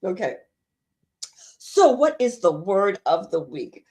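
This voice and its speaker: A woman's voice: medium pitch, sing-song, takes it slowly, darkish tone. A middle-aged woman co-hosting a podcast, chatting casually and rambling as she searches for words, laughing easily. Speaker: podcast co-host. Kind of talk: casual chat.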